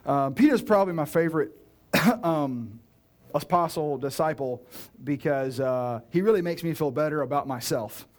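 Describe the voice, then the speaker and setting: A man preaching with a slightly high voice, easygoing and playful as he walks through the passage. He throws in jokes and quick asides, swings between loud bursts and hushed lines, and keeps the tone conversational rather than formal. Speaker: pastor. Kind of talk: sermon.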